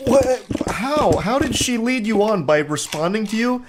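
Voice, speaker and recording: A man's voice: high-pitched, expressive, moderate pace, very noisy. Mocking, exasperated male commentator, clicks behind. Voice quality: voice cracking when exasperated. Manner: incredulous, mocking, profane. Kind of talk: reaction commentary reading out text messages.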